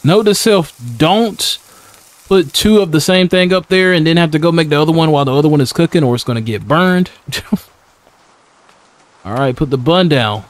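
A man's voice: fairly high pitch, moderate pace, long pauses, no room sound. A young man casually commenting on a horror game as he plays, slangy and laughing often, talking back to the characters. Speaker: gaming YouTuber. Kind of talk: casual let's-play commentary.

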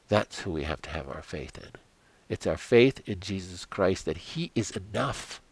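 An older man giving an earnest devotional sermon, telling stories dramatically and sinking into quiet prayer. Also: deep voice, animated, moderate pace, vocal fry, breathy edge, dry recording. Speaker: Christian health coach.

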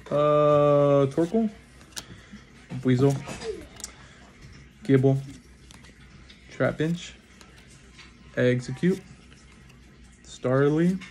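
A man gives relaxed, unhurried unboxing commentary while he opens packs of trading cards. He reads off each card in turn, now and then bursts out in excitement, and keeps saying sorry to his viewers. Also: mid-range voice, slight background noise. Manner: names cards one after another, bursts into excited exclamations, apologizes often. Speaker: trading card pack opener.

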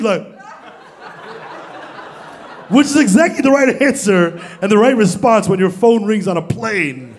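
A young man with a high voice tells a story on stage in a stand-up set. He delivers it in an animated way, acting out the voices of the people in it. He speaks into a stage microphone. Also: a little slow, pauses often. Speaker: stand-up comedian. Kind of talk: stand-up comedy routine. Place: stage before a live audience.

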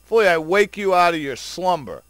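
A man's voice: sits high, animated, fast talker, fairly bright tone. Furious, swearing man ranting. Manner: furious, profane and sarcastic. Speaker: vlogger. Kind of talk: angry video rant.

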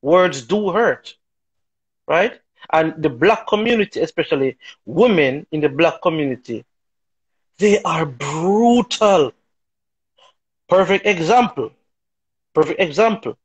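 High-voiced husky man, emphatic. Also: lively intonation, takes it slowly, pauses often, dull audio. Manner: emphatic, rhetorical, keeps asking "right?". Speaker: talk show guest. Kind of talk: opinionated talk show discussion.

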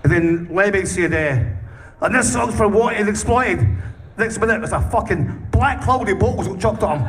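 Man, high voice, profane, laughing storyteller, distant mic, faint noise. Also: lively intonation, normal speed, a bit bright. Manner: profane, laughing often, swearing constantly. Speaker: punk band singer. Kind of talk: casual interview storytelling.

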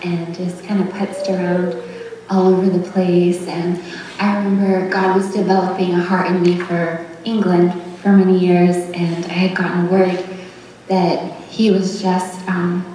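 A young woman giving a tender, rambling memorial tribute, laughing softly between her thoughts. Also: on the low side, slight background noise. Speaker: daughter giving a eulogy. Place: memorial service hall. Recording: echoey hall, heard from far off.

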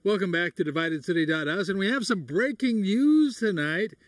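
A man hosting a cartoon parody in a brisk mock newsreader delivery. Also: high voice, expressive, dry recording, clean studio sound, far from the mic. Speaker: host of parody web cartoon. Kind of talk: mock news announcement.

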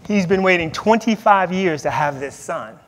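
A man's voice: high voice, expressive, normal speed, fairly bright tone, long reverb tail. A man, a head pastor, preaching a sermon in an emphatic way, repeating words and reading scripture aloud.

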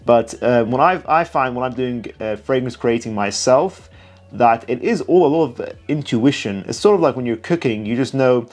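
A man's voice: mid-range voice, expressive, normal speed, a little mellow. A tired man giving casual, chatty reaction commentary as a perfume reviewer, enthusiastic and self-mocking. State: tired late at night.

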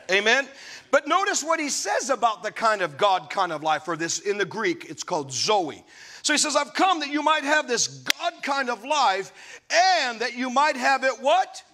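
A bright, high-pitched male preacher whose voice swoops up and down as he tells stories and calls out to his congregation. His sermon delivery is lively and full of laughter, with bright, forceful energy. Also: moderate pace. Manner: animated storytelling preacher, laughs and calls to the crowd. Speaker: pastor.

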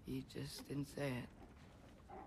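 An actor playing an earnest teenage boy in a video game, talking softly and tenderly. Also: mid-range voice, level tone, very slow, vocal fry, husky, full character voice. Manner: soft, tender with animals.

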